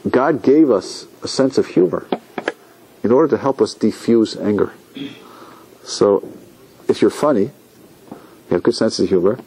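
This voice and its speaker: Rabbi guy giving a class, voice swings all over, mellow tone, faint noise behind. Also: lowish voice, creaky, rough recording. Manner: animated storytelling, asks the audience questions, acts out quotes. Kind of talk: lecture to a class.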